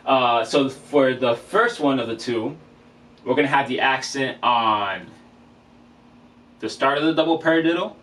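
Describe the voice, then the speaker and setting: A man's voice: mid-range voice, a bit bright. A man teaching drum rudiments in a casual vlog, counting off beats between exercises, recorded on a camera mic. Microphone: camera microphone. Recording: camera mic from a distance, faint room noise.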